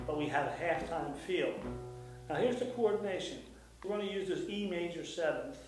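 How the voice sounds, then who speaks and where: A man teaching jazz guitar rhythm, explaining calmly with fillers and scatting the beats aloud. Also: fairly high pitch, normal speed. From United States. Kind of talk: instructional guitar lesson. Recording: echoey room, mic at a distance, guitar playing.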